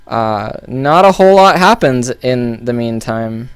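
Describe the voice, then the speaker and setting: A man's voice: medium pitch, lively intonation, measured pace, clear, resonant tone, no echo. Casual man breaking down game replays. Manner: loose and thinking aloud, with many fillers and restarts. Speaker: game analyst. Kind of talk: casual game analysis commentary.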